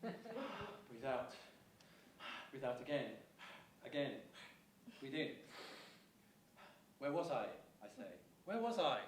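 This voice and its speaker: A man's voice: mid-range voice, very animated, takes it slowly, long pauses, reverberant, far from the mic, a little hiss or hum. A man performing a live clown act, playfully narrating his own stage directions, recorded from afar.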